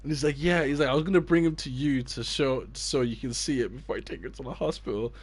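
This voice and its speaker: Young man, football coach, casual chat, animated storytelling. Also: medium pitch, fast talker, slightly rough. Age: 20s. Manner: animated storyteller, acts out quoted people.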